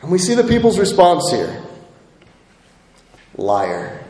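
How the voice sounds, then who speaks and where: A man's voice: high voice, expressive, unhurried, a little mellow. A pastor giving a sermon, earnest and restating his points for emphasis. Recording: echoey hall with long reverb.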